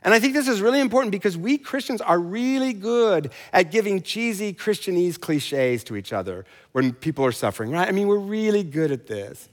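Animated male pastor preaching in a hall. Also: sits high, brisk, few pauses. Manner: animated, playful asides and mock voices. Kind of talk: sermon.

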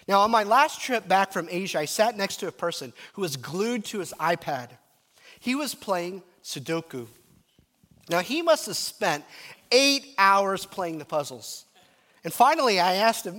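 A man's voice: sits high, unhurried. A man preaching a sermon, telling stories and dropping to a murmur at times. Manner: animated, storytelling, drops to a murmur at times. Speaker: pastor. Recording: reverberant hall.

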